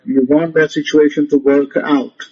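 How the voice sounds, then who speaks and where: A man's voice: a little high, flat delivery, moderate pace, darkish tone, slightly rough. A man giving a motivational religious lecture, emphatic and repetitive, often commanding his listeners. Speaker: rabbi teaching a lecture. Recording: muffled lo-fi audio.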